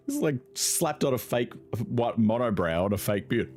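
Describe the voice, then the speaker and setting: Brief: young male gaming host, low voice with a lively, swinging delivery, sarcastic and profane, faint music underneath. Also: moderate pace. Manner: sarcastic, swears freely, laughs often. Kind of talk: casual gameplay commentary.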